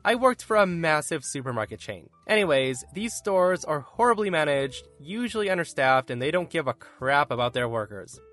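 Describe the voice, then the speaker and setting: A man hosting a podcast, reading stories aloud in an animated storytelling way. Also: moderate pace, few pauses, faint music behind. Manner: animated storytelling with lively pitch.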